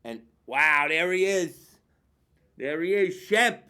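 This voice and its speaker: A man's voice: a little high, animated, slow, bright, forceful tone. A man hosting a local TV sports picks show, brash and rambling, calling out to viewers as he goes. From Staten Island, New York. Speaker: TV host. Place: local TV studio.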